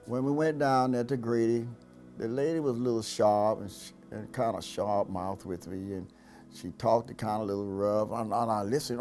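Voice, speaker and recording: An older man, a pastor, giving a halting personal testimony that rises and falls sharply, with repeated words. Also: fairly low pitch, steady tone, a little mellow, faint music behind.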